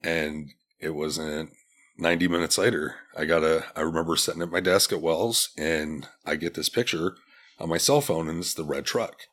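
A man's voice: very deep voice, steady tone, normal speed, a bit bright. A man in his forties, a podcast guest, telling a personal story in a candid, blunt and profane way, with many restarts. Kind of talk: casual storytelling.

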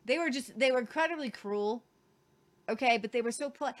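Woman news host, fairly high voice, emphatic and mocking commentary. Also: brisk. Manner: emphatic, sarcastic, mocking asides.

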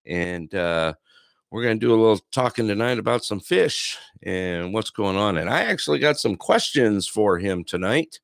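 A man's voice: on the low side, animated, normal speed, vocal fry, no echo, clean studio sound. A man hosting a live call-in radio show, upbeat and folksy, laughing often between his lines.

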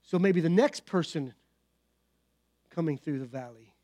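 A man's voice: fairly high pitch, unhurried, mellow, no room sound. A pastor preaching a sermon with fervent emphasis, repeating key phrases and calling out to his congregation.

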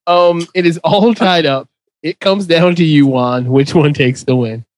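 A man's voice: on the high side, unhurried. A man hosting a casual podcast, moving things along with a teasing, laughing manner. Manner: joking, teasing, laughs often. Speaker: podcast host running a movie fight bracket. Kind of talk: casual chat.

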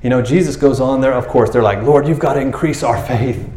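A man's voice: mid-range voice, brisk, mellow, roomy sound. A man preaching a casual, conversational sermon, acting out quoted voices as he goes. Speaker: pastor.

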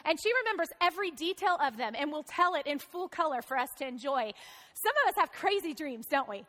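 A woman's voice: high voice, animated, fast, bright, forceful tone, in a large hall. A woman pastor preaching a sermon in a conversational way, asking the congregation questions.

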